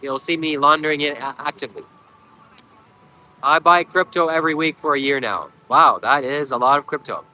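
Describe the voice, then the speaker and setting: A man from Canada streaming outdoors at a beach, answering his chat with deadpan jokes. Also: on the high side, normal speed, low-quality recording. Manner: deadpan, joking replies to chat. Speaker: livestream host reading chat. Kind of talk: casual livestream chat.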